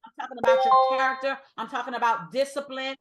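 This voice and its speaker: A woman runs a lively trading class, her voice sitting a little high. She hammers each point home, repeating lines and calling out to the room. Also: quick pace, soft background music. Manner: emphatic, repeats points, addresses the group as y'all. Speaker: trading instructor. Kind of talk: energetic classroom teaching.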